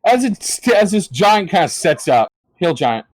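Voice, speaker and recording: A man's voice: sits high, big pitch swings, moderate pace, dry recording. A man narrating as game master for a tabletop game, in a hesitant way full of fillers.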